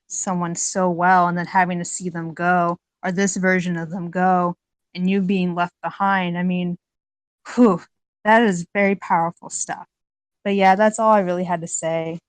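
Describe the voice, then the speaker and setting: A woman's voice: fairly low pitch, little pitch movement, moderate pace, smooth, dry recording. A woman on a podcast panel talking in a heartfelt, chatty way, with many filler words. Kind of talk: casual podcast discussion.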